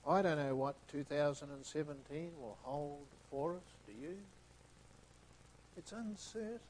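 A male preacher giving a sermon at a slow, deliberate pace. His voice sits a little high, and he swings from hushed, soft phrases to loud, stressed ones. A faint murmur of room noise lies under his words. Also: expressive, rough recording.

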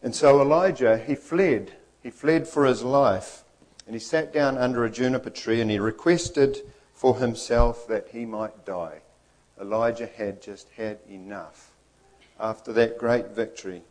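An earnest male preacher delivering a sermon with emphasis and repetition. He acts out the figures he quotes while keeping to a steady preaching delivery. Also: medium pitch, unhurried, low-quality recording.

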